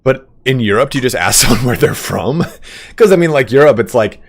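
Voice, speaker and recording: A man's voice: mid-range voice, expressive, brisk, gravelly. A man in his thirties chatting casually while streaming a game, rambling and laughing often, swearing offhandedly. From California. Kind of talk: casual chat while gaming.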